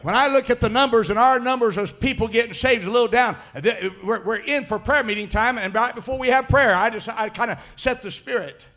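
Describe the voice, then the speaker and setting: A man preaching a sermon as pastor, fiery, swinging between shouted declarations and low, quiet asides. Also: fairly quick, hardly any pauses.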